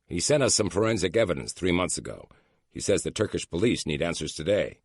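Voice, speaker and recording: A man's voice: low voice, very animated, a little fast, breathy edge, dry recording, studio quality, full character voice. A man voicing a morose young male agent who reports a problem in a glum, weary way in an audiobook.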